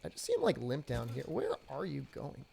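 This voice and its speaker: A woman's voice: rumbling low, a little fast, gravelly. Woman gamer streaming, jokey and chatty, voice bounces all over, bit of faint hiss. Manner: jokey, answers chat aloud, lively. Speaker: game streamer. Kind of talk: casual live-stream chat while gaming.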